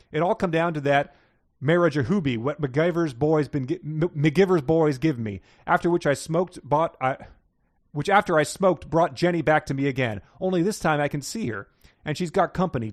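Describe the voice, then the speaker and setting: On a comedy podcast, a male co-host with a fairly high voice reads book passages aloud in a folksy Southern-style drawl, chuckling at the text as he goes. The recording is studio quality with no room sound.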